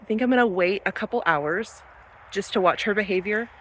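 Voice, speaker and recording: A woman's voice: mid-range voice, a little fast, a little hiss or hum. A woman in her thirties or forties vlogging casually on her farm while doing chores, filming on a handheld camera outdoors and in barns. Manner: chatty, talks sweetly to animals. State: out of breath at times. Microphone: handheld camera, she films herself.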